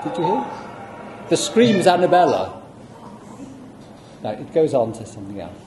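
A man giving a public lecture, explaining at a measured pace with asides to the audience. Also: on the high side, very animated, heavy background noise. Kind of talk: public lecture with audio playback. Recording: echoey room, faint ambience.

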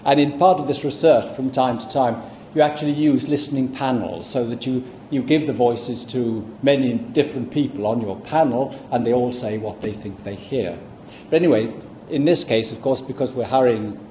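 A man giving a public lecture, explaining at a measured pace with asides to the audience. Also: mid-range voice, mellow, a little hiss or hum. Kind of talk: public lecture with audio playback. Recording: echoey room, faint ambience.

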